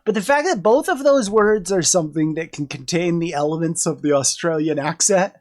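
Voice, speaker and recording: A woman's voice: on the low side, animated, a little fast, a little mellow. A woman streamer with a cold, chatting casually on a livestream, joking and swearing as she rambles. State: sick with a cold.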